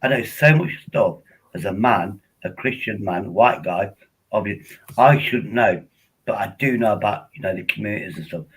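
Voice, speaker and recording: A man's voice: lowish voice, normal speed, husky, poor audio. An older man, chatting casually and rambling on a live stream from home at his laptop.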